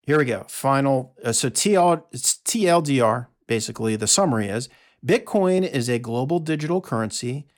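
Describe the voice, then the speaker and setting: A man hosting a solo audio monologue from his notes, talking in an emphatic, sarcastic way with quick asides. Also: medium pitch, expressive. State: out of breath. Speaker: podcast host.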